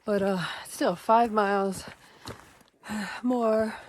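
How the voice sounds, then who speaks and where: A woman vlogging her long-distance hike chats to camera outdoors on a rocky path, plainspoken and sighing between ideas. Her mid-range voice holds a steady tone and draws out words, and there's a little hiss or hum.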